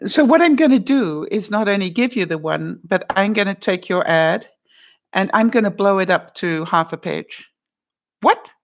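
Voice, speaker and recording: An older woman vlogger giving life advice, telling a story in a casual, animated way and acting out both sides of a phone call. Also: medium pitch, normal speed, a little hiss or hum.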